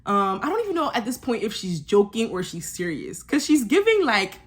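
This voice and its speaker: A sassy young woman chatting through a reality show recap, animated and quick to laugh at the cast. Her pitch sits in a middle range. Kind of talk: casual recap commentary.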